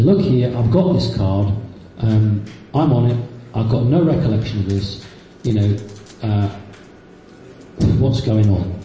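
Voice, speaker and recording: A man's voice: mid-range voice, warm tone, muffled recording. A man in his fifties telling personal stories to a live audience, with many fillers and restarts, in an echoey hall. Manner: storytelling, frequent fillers and restarts. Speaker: speaker recounting personal experiences. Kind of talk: anecdotal talk to a live audience. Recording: very echoey hall, faint background noise.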